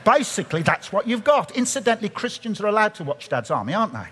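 A man preaching a sermon, telling stories animatedly and dropping to a hush at times. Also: sits high, fast talker, breathy edge. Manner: animated storytelling, shifts from hushed to loud. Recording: long reverb of a large hall.

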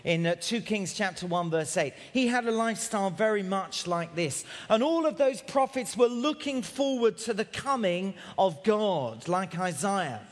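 Male preacher, high pitch, outdoor camp sermon delivered at a shout, long reverb. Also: lively intonation, normal speed, few pauses. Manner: shouting loudly to carry in the rain.

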